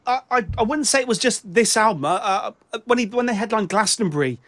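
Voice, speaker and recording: A British man with a notably high-pitched voice talks through a casual music chat. He halts and restarts his sentences often, feeling his way toward each point as he goes. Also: animated, brisk, a bit bright. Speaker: show host.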